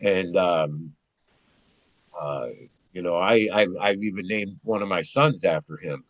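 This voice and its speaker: A man telling personal stories in a casual conversation, rambling and animated, with frequent restarts and some swearing. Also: sits low, a little slow, dry recording. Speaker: guest.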